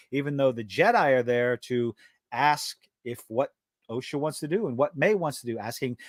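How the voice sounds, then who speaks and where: A man hosts a live-stream podcast in a fed-up, profane rant. His voice sits a little high, and the sound is dry and close with no room echo. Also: fairly bright tone. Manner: profane, exasperated ranting. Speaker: podcast host.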